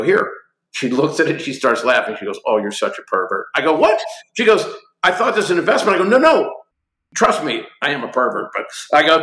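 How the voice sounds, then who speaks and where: Animated storyteller man in his sixties, bright voice. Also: on the high side, reverberant. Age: 60s. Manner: lively anecdotes acting out both sides of conversations. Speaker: guest, company executive.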